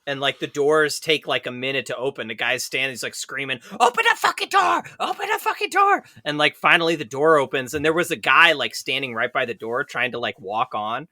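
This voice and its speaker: Podcast co-host, male, very bright tone, dry close sound, rambling storyteller. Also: medium pitch, steady tone, a little fast, few pauses, no room sound. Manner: rambling, many "like" fillers, laughs while telling. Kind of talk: casual storytelling chat. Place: San Francisco bus commuter.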